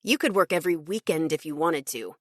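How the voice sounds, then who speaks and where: A woman's voice: deep voice, animated, brisk, no echo, clean studio sound. A woman narrator voicing a flamboyant, gossipy man who talks in a gleeful, theatrical way.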